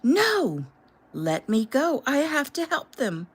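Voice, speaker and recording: A woman voicing a frantic, grieving young woman who cries out in high, pleading bursts. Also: wildly swooping pitch, slow, heavily acted.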